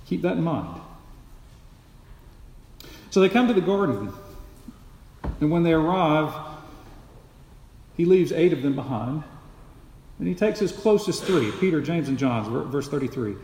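A man's voice: a little high, lively intonation, measured pace, long pauses, darkish tone, slight background noise. A man preaching an expository sermon, emphatic and repeating key phrases for stress. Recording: echoey hall with long reverb.

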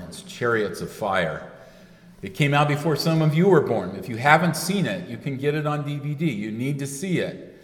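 A man's voice: mid-range voice, fairly bright tone. A man giving a sermon, speaking loosely and correcting himself often with fillers. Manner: rambling, self-correcting with frequent fillers. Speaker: preacher. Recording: echoey hall with long reverb.

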